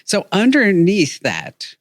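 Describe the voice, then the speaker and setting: A woman hosting a tech podcast in casual chat, playful and quick to laugh. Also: medium pitch, huge pitch swings, dry recording, clean studio sound. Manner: playful, laughs often, many fillers.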